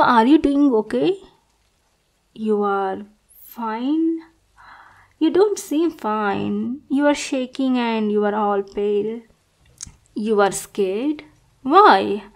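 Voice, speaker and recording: A woman's voice: fairly high pitch, darkish tone. A young woman performing a whispered role-play as an obsessive, adoring intruder, sweet and clingy, calling the listener darling. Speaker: ASMR performer.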